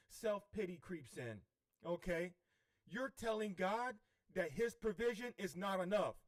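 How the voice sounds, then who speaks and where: A man's voice: high voice, animated, unhurried. A man coaching on spiritual healing in a livestream, preachy and repeatedly checking in with "okay?". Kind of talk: livestream teaching.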